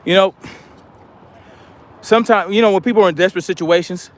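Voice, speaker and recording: A man whose voice sits high talks a little fast as he hosts a livestream. He reads viewer comments aloud and answers them in casual conversation.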